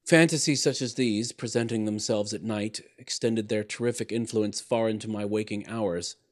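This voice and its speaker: A man narrating a gothic story in a measured, theatrical manner, swelling louder on dramatic phrases and dropping soft at their ends. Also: on the low side, fairly even intonation.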